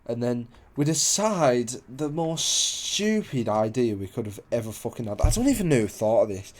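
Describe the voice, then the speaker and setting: Young man, casual teller of a wild tale, mid-pitched, meandering and foul-mouthed. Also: big pitch swings, moderate pace, darkish tone. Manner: rambling, heavy swearing, loses his place. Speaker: storyteller. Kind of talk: casual storytelling.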